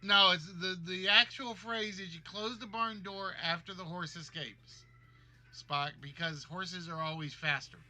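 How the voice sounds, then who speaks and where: A man's voice: high-pitched, steady tone, a little slow, pushed and bright. A man hosting a livestreamed list game show, reading out guesses and cracking jokes. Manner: jokey, reads guesses aloud.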